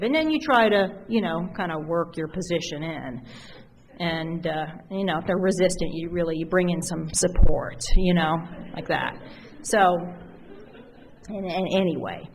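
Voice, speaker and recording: A middle-aged woman giving a conference keynote in a loose, conversational way, full of fillers and lively retold stories. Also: fairly low pitch, normal speed, slight background noise, rough recording. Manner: conversational, animated storytelling with fillers. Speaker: keynote speaker. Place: conference hall.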